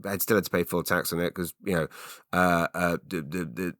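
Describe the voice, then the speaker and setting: A man's voice: low voice, fairly even intonation, a little fast, a bit bright, dry recording, clean studio sound. A middle-aged man, hosting a rambling solo podcast, full of fillers and restarts. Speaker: podcast host. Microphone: studio mic.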